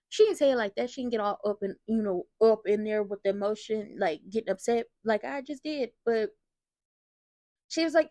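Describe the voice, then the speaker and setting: A woman hosts a casual soap opera recap, telling the story in a sassy, slangy way and acting out the characters' lines as quotes. Her voice is a little high and mellow, at a moderate pace, with no room sound.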